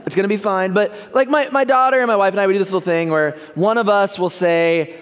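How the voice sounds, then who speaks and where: A man's voice: high-pitched, quick pace. A male pastor giving a casual, joking sermon, often checking in with the congregation. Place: church sanctuary. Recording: long church hall reverb.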